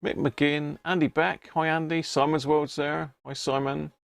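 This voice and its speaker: Gravelly man chatting on a live stream. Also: a little high, level tone, measured pace, dry recording, studio quality. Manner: chatty, greets viewers by name, banters. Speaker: radio restoration live streamer. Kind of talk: casual live-stream chat.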